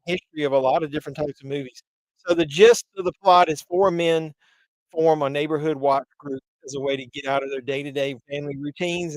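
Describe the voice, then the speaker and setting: A man's voice: a little high, no room sound, rough recording. A man hosting a casual movie livestream, rambling and chatty with lots of fillers, a bit congested from pollen. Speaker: livestream host.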